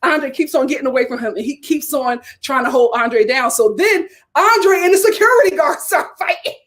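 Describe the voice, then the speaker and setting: Woman host doing a casual, animated reality TV recap, high and expressive. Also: normal speed. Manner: animated storytelling with acted quotes and laughter.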